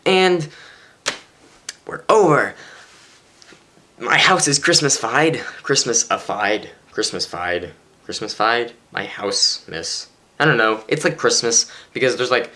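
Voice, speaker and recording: A man's voice: fairly low pitch, pushed and bright. A tired teenage boy rambling chattily through a casual daily vlog from his bedroom, poking fun at himself. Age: teens. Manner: rambling, chatty, self-mocking. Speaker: vlogger.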